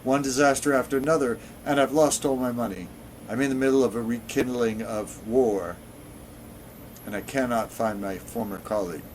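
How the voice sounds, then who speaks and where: A man's voice: mid-range voice, normal speed, darkish tone, slight background noise, close to an everyday voice, poor audio. A man voicing a polite, slightly anxious male Imperial builder in a voice close to his own, speaking courteously.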